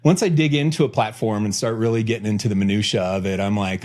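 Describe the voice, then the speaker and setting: A man hosting a podcast, talking casually and with energy, joking around and speeding up when he gets excited. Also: fairly low pitch, fast talker, hardly any pauses. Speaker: podcast host.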